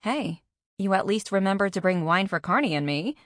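A brash, playful pregnant woman, voiced by a woman reading an audiobook, a little higher than the reader's own voice. She tosses off wisecracks in an offhand way. The sound is close and dry. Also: animated, moderate pace, a bit bright, dry recording, close to an everyday voice. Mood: wisecracking.

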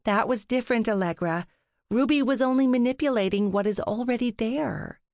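A woman's voice: on the high side, moderate pace, darkish tone, dry recording, studio quality, voice pushed up, lightly acted. A woman voicing a patient, firm young witch. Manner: firm, sighing.

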